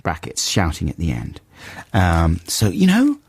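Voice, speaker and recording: A man's voice: low voice, wildly swooping pitch, measured pace, gravelly, a little mellow, husky. An English man hosting a radio show, chatting casually with mock outrage and frequent laughs. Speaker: radio host. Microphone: studio mic.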